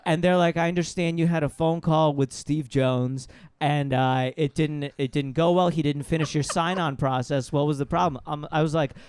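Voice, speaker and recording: A man's voice: a little high, steady tone, normal speed, darkish tone, clear, resonant tone. A man guest in a podcast studio, telling a story in a casual, rambling way and acting out the people in it. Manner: rambling, laughing, acts out the people in his stories.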